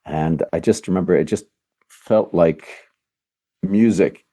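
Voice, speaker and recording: A man's voice: sits low, takes it slowly, warm tone. An older man, a voice actor guest, answering interview questions in an earnest, reflective way, often searching for words.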